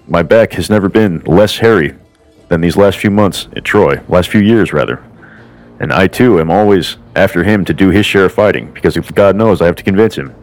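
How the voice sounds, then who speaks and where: A man voicing a self-mocking legendary queen in a low voice, flowery and formal one moment and crudely self-deprecating the next, with faint music behind. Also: close to an everyday voice, rough recording.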